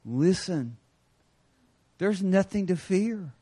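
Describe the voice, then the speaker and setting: Man, middle-aged, pastor, sermon, high voice, storytelling. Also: expressive, slow pace, husky. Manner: storytelling, acts out voices with bursts of shouting.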